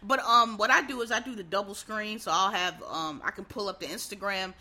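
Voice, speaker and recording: A woman's voice: medium pitch, brisk, pushed and bright. A woman in a casual, exasperated rant, full of swearing and rhetorical questions.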